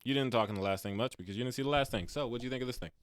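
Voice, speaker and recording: A man's voice: mid-range voice, rapid-fire, clear, resonant tone, no room sound, studio quality. A man in his late twenties co-hosting a movie review podcast, chatting casually and animatedly, laughing often and acting out quotes. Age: late 20s. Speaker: podcast co-host. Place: podcast studio.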